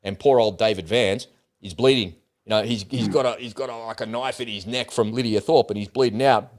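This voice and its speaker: A man's voice: fairly low pitch, steady tone, fairly quick. An Australian man hosting a political commentary livestream, talking bluntly in casual, ranting speech and swearing freely.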